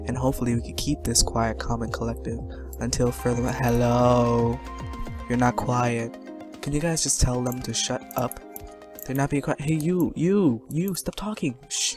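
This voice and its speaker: A man's voice: mid-range voice, level tone, moderate pace, music in the background. A man giving jokey let's-play commentary, talking to his viewers and teasing himself as he plays. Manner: joking, self-mocking, talks to viewers. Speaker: gaming commentator.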